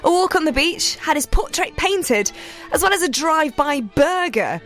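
A woman's voice: sits high, animated, moderate pace, a bit bright, faint music behind. A woman reading a radio news bulletin, then bantering and laughing with her co-host. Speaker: newsreader.

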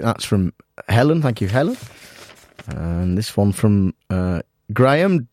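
Rambling deadpan radio host man. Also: on the low side, measured pace, no room sound, clean studio sound. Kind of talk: spoof talk radio presenting.

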